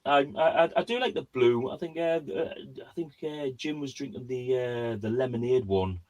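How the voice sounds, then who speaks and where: A man's voice: medium pitch, moderate pace, darkish tone. A man hosting an online quiz, chatting casually and telling a rambling story with lots of fillers and restarts. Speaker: quiz host. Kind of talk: casual chat.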